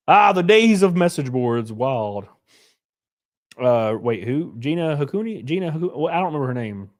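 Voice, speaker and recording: A man's voice: a little high, sing-song, normal speed. A man hosting a casual livestream, reading viewers' comments aloud and answering them in a loose, joking, rambling way. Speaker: livestream host reading chat.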